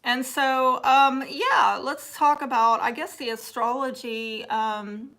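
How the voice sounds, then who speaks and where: A Texas woman with a Southern accent hosts a casual live chat and reads her viewers' comments aloud. Her voice is bright and fairly high, and she takes her time. She teases and jokes with an easy laugh. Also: slow. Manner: chatty and teasing, laughs often, drops to soft asides. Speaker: livestream host reading viewer chat.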